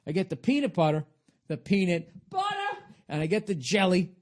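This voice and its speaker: A man's voice: high-pitched, wildly swooping pitch, moderate pace. A man hosting a podcast, talking in a rambling, profane, sarcastic comedic monologue. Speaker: podcast host.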